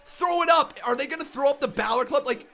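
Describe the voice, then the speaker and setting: Excitable man, very high-pitched, shouting wildly on a live reaction stream, music faint behind. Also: fast talker, gravelly. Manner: excitable, shouting, frantic exclamations. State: shaking with excitement.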